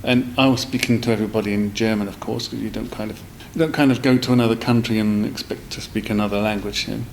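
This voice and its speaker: Guy on a podcast, bit of fry in his voice, rambles and restarts a lot. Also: lowish voice, steady tone, fast, a little hiss or hum, rough recording. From South East London. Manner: rambling, with many fillers and restarts. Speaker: guest. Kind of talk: casual storytelling in a podcast interview.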